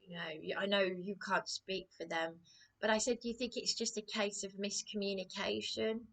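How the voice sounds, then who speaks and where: A woman from England rambling aggrievedly in a personal vlog, repeating herself with many restarts, her voice a little hoarse. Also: medium pitch, fairly even intonation, moderate pace, fairly bright tone. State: voice a bit hoarse. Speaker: vlogger.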